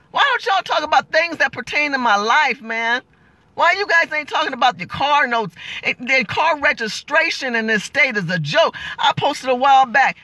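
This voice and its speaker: A middle-aged woman in a fiery political vlog rant, talking bluntly and throwing out rhetorical questions and curses. Her voice sounds bright and ringing, recorded close on a dry mic with no room sound. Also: high voice, no echo. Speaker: political commentator.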